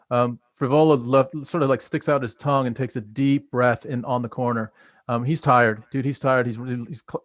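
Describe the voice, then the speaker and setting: American male co-host in his thirties, loose chatty play-by-play, mid pitch, dry. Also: no echo. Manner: casual, excited play-by-play with filler words. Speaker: stream co-host. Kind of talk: live fight commentary.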